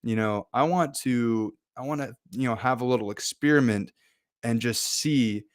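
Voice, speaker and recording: A man's voice: mid-range voice, normal speed, dry recording, clean studio sound, lightly acted. A man voicing a curious father who muses casually about a plan. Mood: musing. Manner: musing, casual. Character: curious middle-aged father planning a test.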